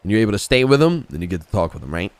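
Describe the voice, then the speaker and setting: A man's voice: lowish voice, sing-song, rapid-fire, clean tone, no room sound. A man talking in character during a roleplay game, rambling and swearing, padding his lines with "you know what I mean.". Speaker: roleplay gamer.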